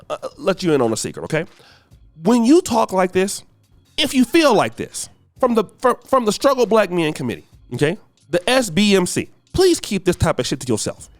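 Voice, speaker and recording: An American man with a high, very lively voice rants through a podcast commentary. He preaches emphatically, jumping between raised outbursts and low mutters. The sound is close and dry, with faint music underneath. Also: no room sound. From United States. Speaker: podcast host. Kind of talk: ranting commentary monologue.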